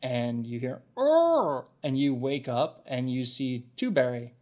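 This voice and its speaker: A man's voice: medium pitch, little pitch movement, measured pace, very noisy. A man narrating a tabletop game as game master, descriptive, often restarting his sentences.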